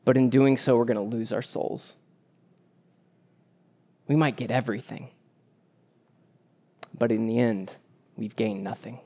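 A man's voice: medium pitch, steady tone, unhurried, long pauses, dark tone. A man preaching a sermon as pastor, earnest and emphatic, with repeated phrases and joking asides about family life.

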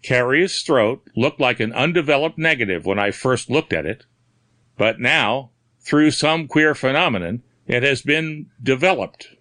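A man's voice: medium pitch, lively intonation, unhurried, pushed and bright, no room sound, voice pushed up. A man voicing a puzzled, brusque middle-aged doctor in a storybook reading. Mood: grave.

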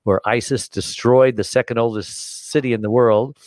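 An older American man telling a long story in a casual, animated way, jumping into different voices to act out the people in it. His voice sits at an everyday middle pitch. The recording is close and completely dry. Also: normal speed, dry recording. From United States. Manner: animated, acts out dialogue in voices. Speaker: guest.

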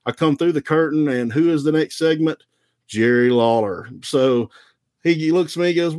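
A man from the American South, a former wrestler, telling stories in a relaxed, rambling, self-deprecating way. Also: medium pitch, fairly quick, no room sound. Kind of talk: casual storytelling.

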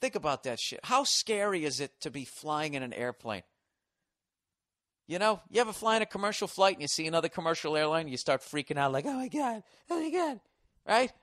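A man's voice: sits high, fairly bright tone. A man in his forties hosting a show, riffing through a profane comedic rant. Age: 40s.

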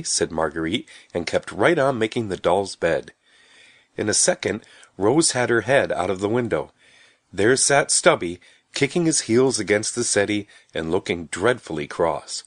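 A man reads a children's story aloud with a lively, expressive voice of middle pitch. His delivery rises and falls a lot. The sound is dry and close. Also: measured pace, dry recording. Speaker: narrator. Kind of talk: storybook reading.

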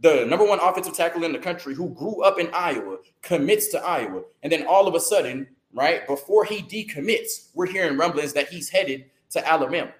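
A man hosting a sports show, delivering a heated, opinionated rant full of rhetorical questions and tag-on "right?", talking fast and stumbling over words when excited. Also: fairly high pitch, reverberant, poor audio.

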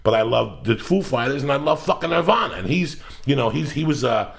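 A man hosting a casual podcast, telling profane, animated stories and acting out the quotes. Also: mid-range voice, a little fast, creaky. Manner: profane storyteller, acts out quotes. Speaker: podcast host. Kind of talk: casual chat. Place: Los Angeles area.

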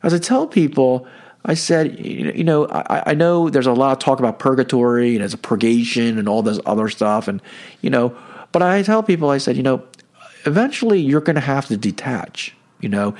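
A man's voice: mid-range voice, lively intonation, brisk, a little mellow. A middle-aged man giving a conversational teaching talk on Catholic faith, full of "you know" and "okay.". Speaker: Catholic speaker.

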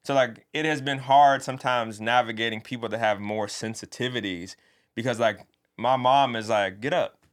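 A man's voice: medium pitch, steady tone, moderate pace. A man, a podcast guest, in loose, profane casual chat about growing up.

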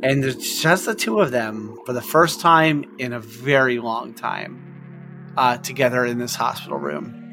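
Game master, mid-pitched, chatty scene narration over soft music. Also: expressive, unhurried. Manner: casual, filler-heavy narration.

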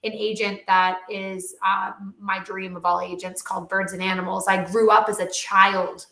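A woman who trains dogs and animal talent, telling a story in a casual interview with animated, chatty energy and lots of "like.". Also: mid-range voice, normal speed, creaky. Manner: animated, chatty, heavy use of "like". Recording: roomy echo.

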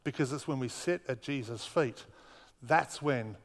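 A man's voice: mid-range voice, a little slow. A man preaching a sermon as pastor, earnest, driving home points with repetition. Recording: long reverb of a hall.

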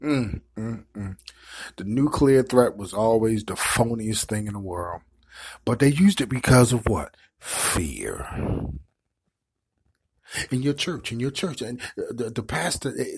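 A man's voice: mid-range voice, a little mellow, slightly rough. A middle-aged man hosting an online show, giving impassioned commentary in a preachy way and repeating words as he builds his points. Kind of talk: impassioned live-stream commentary.

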